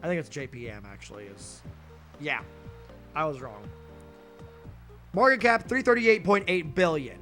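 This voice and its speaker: High-voiced young man ranting angrily. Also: animated, moderate pace, long pauses, a bit bright, soft background music. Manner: heated, profane ranting with sarcastic asides. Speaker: streamer. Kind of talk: casual angry rant while streaming a game.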